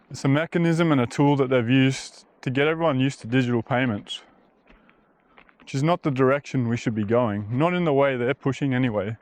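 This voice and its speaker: A man talking bluntly and casually while walking a bush trail, rambling and swearing now and then. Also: medium pitch. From Australia. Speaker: vlogger. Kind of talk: casual walking vlog monologue.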